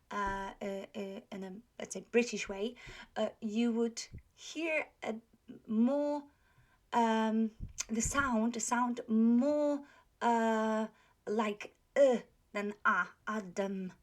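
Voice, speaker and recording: A woman teaching a pronunciation lesson, modelling words slowly and checking with the learner often. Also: a little high, a bit bright. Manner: slow, patient, drawn-out model words; many fillers and checks for understanding. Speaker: language teacher.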